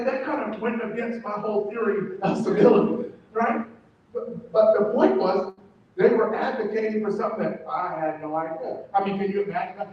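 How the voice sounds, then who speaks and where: A man's voice: high-pitched, slight background noise. A man from Kansas giving a motivational talk to a live audience, telling stories and acting out the dialogue. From Kansas, United States. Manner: animated storytelling, acts out dialogue with shifting voices. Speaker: motivational speaker. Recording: very echoey, distant from the mic, dull.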